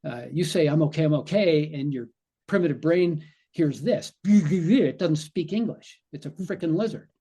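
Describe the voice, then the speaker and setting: A man's voice: a little high, unhurried, dark tone, slightly rough. A male physician guest on a podcast, explaining in conversation and acting out the brain's inner voice in quoted asides.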